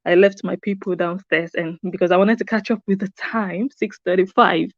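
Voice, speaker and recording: A woman's voice: medium pitch, fairly even intonation, moderate pace, dry recording, dull audio. A woman hosting a live stream from a room upstairs at home, chatting casually and greeting her viewers by name. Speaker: YouTube host.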